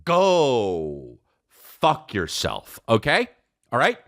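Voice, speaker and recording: A man co-hosting a podcast, telling a comedic story in an animated, profane, self-mocking way. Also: mid-range voice, extremely slow, no echo, clean studio sound. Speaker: podcast co-host.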